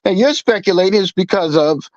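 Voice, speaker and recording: A man debating on a call, calmly pushing back and arguing that everyone is only speculating. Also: sits high, no room sound. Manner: measured, pushes back calmly. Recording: dull call audio.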